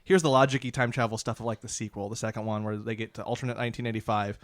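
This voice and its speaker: A man of middle pitch talking in excited bursts in a casual chat. The sound is dry and close, with no room around it. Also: no room sound. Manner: excitable, rapid bursts, laughs loudly.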